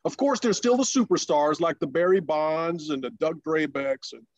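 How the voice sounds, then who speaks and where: Halting, storytelling man in a dry room. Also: on the high side, no room sound. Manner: halting, many fillers and restarts, excited quoted voices. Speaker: interview guest, former pro pitcher. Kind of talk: storytelling interview.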